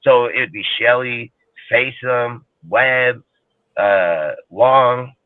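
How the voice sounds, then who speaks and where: Dude ranting football over a tinny phone line, swears a ton, dry sound. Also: male voice, mid-range voice, drawn-out words, no echo. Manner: profane, rambling, heated. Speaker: guest on a sports talk show. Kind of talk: casual sports talk.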